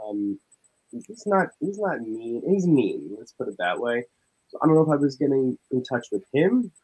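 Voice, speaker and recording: Young male ghost-hunter guest, husky voice, relaxed conversational delivery. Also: medium pitch, low-quality recording. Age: young adult. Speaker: clairvoyant paranormal investigator. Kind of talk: casual chat.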